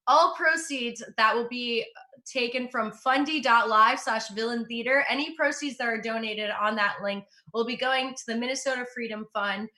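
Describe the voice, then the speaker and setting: Young woman, stand-up comedian, bright voice, a bit high, upbeat, self-mocking, at home on a computer mic. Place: at home in front of a green screen. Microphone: computer mic for an online show.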